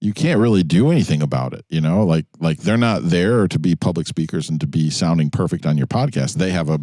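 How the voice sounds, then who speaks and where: A man's voice: deep voice, brisk, no room sound, studio quality. A man from New York co-hosting a casual podcast, telling stories easily with plenty of fillers. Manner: relaxed storytelling with frequent fillers. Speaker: podcast co-host. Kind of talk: casual chat. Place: in a jeep.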